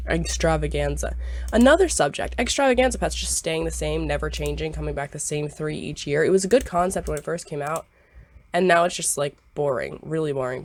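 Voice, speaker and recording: A woman's voice: low voice, darkish tone. A young woman with a stuffy, scratchy voice from a sinus illness, rambling through casual game commentary and hedging her claims. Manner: rambling, repetitive, hedging with "I believe". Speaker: gaming YouTuber. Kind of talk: casual screen-recorded commentary.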